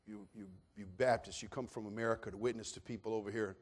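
A preacher voicing a blunt young skeptic. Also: male voice, lowish voice, fairly even intonation, fast, a little hiss or hum, close to an everyday voice. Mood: dismissive. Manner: blunt, dismissive. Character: young male skeptical lawyer, blunt and stubborn.

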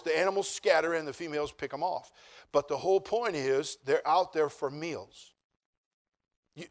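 A man preaching a sermon as pastor, moving from quiet, joking asides to loud, emphatic declarations. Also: sits high. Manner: humorous, conversational storytelling.

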